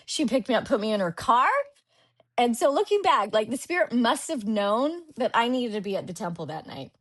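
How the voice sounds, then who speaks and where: A woman's voice: fairly high pitch, big pitch swings, brisk, a bit bright. A young woman in her twenties telling a personal story as a guest on a podcast interview, acting out her past thoughts as she goes.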